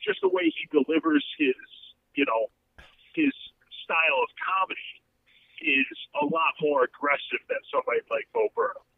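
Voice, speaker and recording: Podcast guy rambling on, gravelly voice jumping all over, sounds like a phone line. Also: a little high, wildly swooping pitch, normal speed, no room sound. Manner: rambling, many fillers and restarts. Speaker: podcast co-host. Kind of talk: casual podcast chat.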